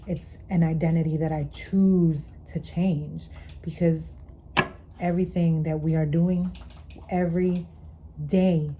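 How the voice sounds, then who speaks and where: A woman talks through a spiritual tarot reading in an earnest, repetitive way, pulling the listener in with "okay?" and sighing between thoughts. Her voice sits a bit low and sounds very dark and mellow. A faint noise runs under the recording. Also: fairly even intonation, slow pace, low-quality recording. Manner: earnest, repeats phrases, adds "okay?" to draw the listener in. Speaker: tarot reader.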